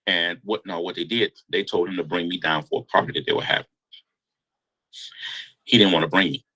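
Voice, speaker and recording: A man telling a long story in a casual interview, animated and slangy. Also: low voice, fairly quick, slightly rough, low-quality recording. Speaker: guest storyteller.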